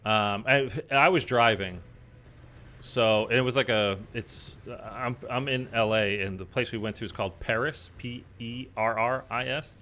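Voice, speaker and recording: A man telling a personal story in casual chat, rambling with many fillers and loudly acting out quoted lines. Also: mid-range voice, measured pace. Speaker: streamer. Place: in Los Angeles.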